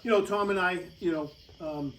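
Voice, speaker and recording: A man's voice: high-pitched, normal speed, a crowd in the background, poor audio. A middle-aged American man telling a rambling, casual travel story over slides, with lots of fillers and laughs. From United States.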